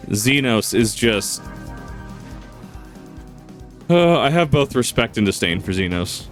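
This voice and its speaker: A man's voice: mid-range voice, sing-song, takes it slowly, soft background music. A man casually commenting while playing a video game, rambling, joking, laughing often and swearing. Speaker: gaming channel host. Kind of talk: casual let's-play commentary.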